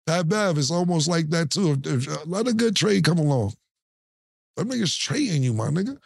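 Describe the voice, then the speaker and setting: Animated male podcast co-host, dry sound. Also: fairly high pitch, moderate pace, creaky, slightly rough, no echo. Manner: animated storytelling, acts out quotes and laughs often. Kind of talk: casual chat.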